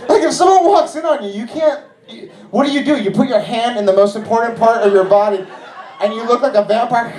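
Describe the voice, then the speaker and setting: High-voiced guy doing stand-up in a theater, loud laughing crowd, echoey. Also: brisk. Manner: animated, rambling with frequent "right?". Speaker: stand-up comedian. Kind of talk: stand-up comedy set. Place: theater stage with live audience.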